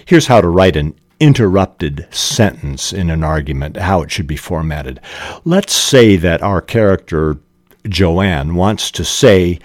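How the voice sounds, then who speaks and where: Deep slow guy talking through writing tips, lots of uhs, very up-and-down delivery. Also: animated, dry recording, studio quality. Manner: deliberate, with frequent "uh" fillers. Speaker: podcast host teaching fiction writing. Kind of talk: explanatory talk and reading aloud.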